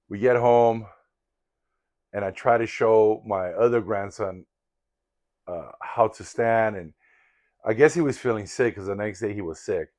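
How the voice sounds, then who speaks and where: Low-voiced older man telling a story. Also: unhurried, long pauses, a little mellow. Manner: rambling, repetitive, candid and reflective. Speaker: vlogger in sobriety recovery. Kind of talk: casual personal storytelling.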